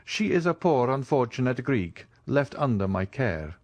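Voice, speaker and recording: A man's voice: medium pitch, very animated, darkish tone, dry recording, pitched above the performer's own voice. A man reading the part of a courteous, mysterious count in an audiobook. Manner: courteous, measured.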